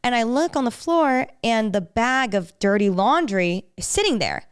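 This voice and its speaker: A woman's voice: on the high side, moderate pace. A young woman co-hosting a podcast, chatting casually and acting out quotes as she tells a story. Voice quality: smooth, animated storytelling with acted-out quotes. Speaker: podcast co-host. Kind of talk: casual chat.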